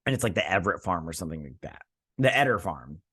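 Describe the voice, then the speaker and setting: A man's voice: low-pitched, very animated, fast, a bit bright, husky. A man hosting a casual episode recap and review, rambling with lots of fillers as he paraphrases the characters. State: sleepy, yawning. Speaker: host.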